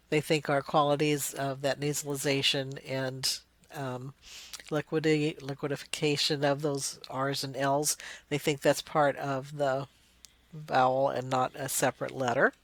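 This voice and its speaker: A woman lecturer explaining spelling development, sounding out words slowly to demonstrate. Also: very deep voice, steady tone, no room sound. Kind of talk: recorded lecture.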